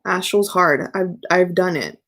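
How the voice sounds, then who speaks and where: A woman's voice: on the low side, a little slow, fairly bright tone. A young woman hosting a casual tarot live stream, reading out viewer questions and answering them candidly.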